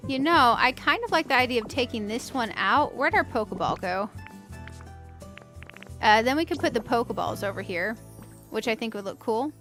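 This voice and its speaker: A woman's voice: fairly high pitch, lively intonation, normal speed, pushed and bright, faint music behind. A woman hosting a casual let's-play, chatting to her viewers as she builds and thinking aloud in a playful, self-mocking way. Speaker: gaming channel host.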